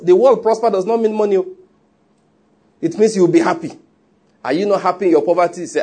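A man's voice: a little high, fairly quick, long pauses, mellow, husky. A man preaching a sermon in an emphatic, conversational way, with joking asides. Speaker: pastor.

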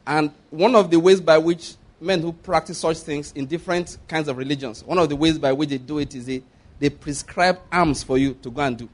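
A man's voice: a little high, fairly even intonation, a little fast. A man preaching a sermon, emphatic, repeating phrases and checking that listeners follow.

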